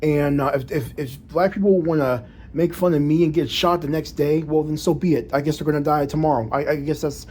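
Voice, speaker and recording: Man, fairly high voice, proper diction, restarts often, casual vlog monologue with faint noise behind. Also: fairly even intonation, a little fast, few pauses, a little mellow. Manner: frequent restarts and repeated words. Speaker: vlogger.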